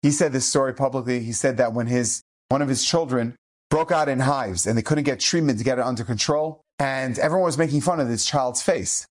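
In a brisk, medium-pitched voice, a middle-aged rabbi tells stories during an earnest eulogy meant to inspire, mixing in Hebrew and Yiddish. He brings quotations to life by switching into vivid character voices.

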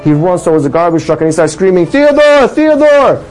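Fast-talking man telling a moral story. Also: fairly high pitch, faint music behind, poor audio. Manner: animated storytelling, voice rises for dramatic lines. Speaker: storyteller teaching a religious lesson. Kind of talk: sermon-style story with a moral.

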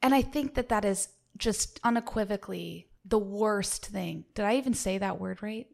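Gravelly young woman, rambling. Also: medium pitch. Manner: rambling, self-mocking, halting restarts. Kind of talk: casual chat.

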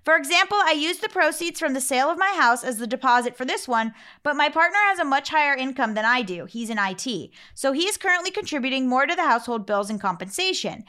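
A woman hosting a podcast, chatting casually and reading a listener email aloud, playful and quick to laugh. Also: high voice, lively intonation, pushed and bright. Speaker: podcast host.

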